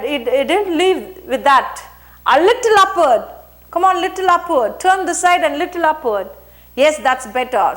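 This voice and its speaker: High-pitched lady teaching a class, repeats each line then explains it, does the characters' lines herself. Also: fairly bright tone. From India. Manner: rereads and paraphrases each line, acts out the quoted speech. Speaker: English teacher. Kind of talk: explaining a story to students.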